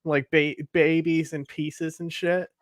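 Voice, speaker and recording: A man delivers scornful, sarcastic commentary, blunt and full of swearing. His voice is high for a man. The recording is dry and close. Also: level tone, slow pace, no echo. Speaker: commentary host. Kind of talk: reaction commentary.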